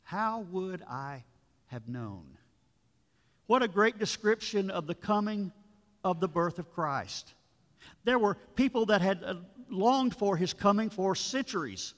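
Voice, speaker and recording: A man's voice: high voice, measured pace. A man, a pastor, giving a sermon in a storytelling, conversational way, with asides to his listeners. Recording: long reverb of a large room.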